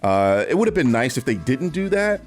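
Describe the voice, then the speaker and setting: A young man giving casual, animated movie commentary, talking freely with lots of fillers and swearing. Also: medium pitch, moderate pace, faint music behind. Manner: animated, profane, chatty with many fillers.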